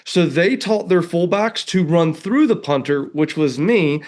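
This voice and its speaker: A man's voice: on the high side, unhurried, a little mellow. A man with a Southern US accent, a guest economist telling stories in a casual interview in a humorous, self-deprecating way.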